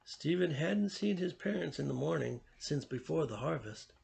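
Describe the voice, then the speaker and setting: A man reading a story aloud as a storyteller, with steady, even narration. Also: a little high, moderate pace, gravelly.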